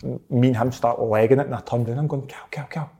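A man's voice: mid-range voice, fast, creaky. A man with a Scottish accent telling a story in casual chat, laughing often and acting out what people said. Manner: animated, laughs often, acts out quotes.

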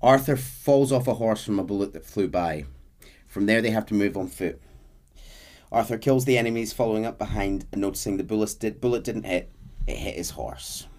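A man hosting a podcast who retells a video game plot in a steady narration, reading out the characters' lines with drama. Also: fairly low pitch, fairly quick. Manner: steady narration with dramatic read-outs of quotes. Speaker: podcast host.

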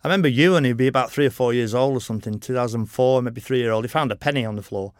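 A man's voice: mid-range voice, racing, no room sound, studio quality. A middle-aged man, a motorcycle racer, telling long frank anecdotes in a casual podcast interview, peppered with "you know".

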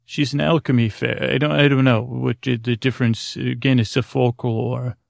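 Gravelly-voiced man telling a rambling story. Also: mid-range voice, little pitch movement, moderate pace, dry recording. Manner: rambling, full of fillers and self-corrections. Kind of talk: improvised bedtime story narration.

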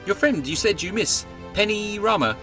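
Brief: a man playing an upbeat, scatty woman friend in a comic sketch, pitched well up. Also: expressive, normal speed, bright, forceful tone, soft background music, full character voice. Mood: chirpy. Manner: upbeat, chatty, a bit scatty. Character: brisk, chirpy female rescuer friend.

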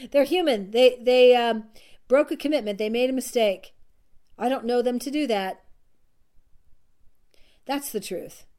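A woman's voice: high-pitched, a little mellow. A woman coach giving an earnest, repetitive self-help talk to her listeners, often laughing at herself.

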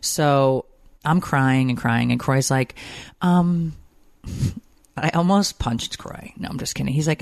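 A woman's voice: very deep voice, slow pace, gravelly, pauses often, no room sound, clean studio sound. A woman hosting a podcast, telling personal stories in a casual, emotional, rambling way with lots of fillers. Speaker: podcast host. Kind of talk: casual chat.

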